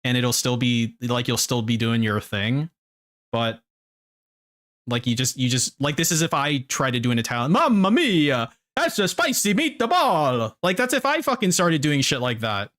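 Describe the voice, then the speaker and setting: A man's voice: mid-range voice, expressive, normal speed, a bit bright. A man streaming and giving casual, wry reaction commentary with some swearing.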